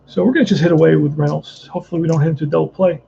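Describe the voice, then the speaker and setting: A man with a high, gravelly voice talks through a tabletop baseball game, rambling and restarting as he thinks aloud. His tone is dark and mellow, and the recording sounds dull and slightly lo-fi with faint background noise. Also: fairly even intonation, very fast. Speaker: tabletop baseball player narrating a replay. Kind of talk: casual play-by-play and chat.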